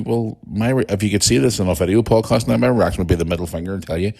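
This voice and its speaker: A man's voice: low-pitched, steady tone, fast talker, darkish tone, slightly rough. A man hosting a podcast in a casual monologue, talking bluntly and heatedly with plenty of swearing. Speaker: podcast host.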